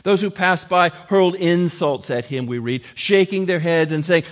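A man preaching a sermon, earnest, raising his voice for quoted lines and dropping to a hush at the ends of points. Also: high-pitched, moderate pace, hardly any pauses. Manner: earnest, rising to emphatic quotes and dropping to hushed endings. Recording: long hall reverb.

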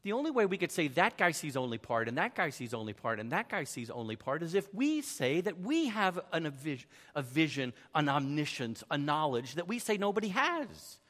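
A man tells a personal story the way a preacher would, poking fun at himself and acting out the voices of the people in it. His pitch rises and falls a lot. The voice rings with the long reverb of a large hall. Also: a little fast, few pauses. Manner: animated, self-deprecating, acts out quoted voices. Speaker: speaker telling a personal story. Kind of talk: sermon-style storytelling.

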